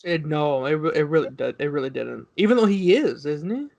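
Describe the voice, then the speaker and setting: A man co-hosts a casual podcast in a fairly high voice. He rambles through his points. He often retells what others said. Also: expressive, fairly quick, gravelly, a little mellow, a little hiss or hum. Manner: rambling, recounts others in quotes. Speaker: podcast co-host. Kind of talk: casual wrestling chat.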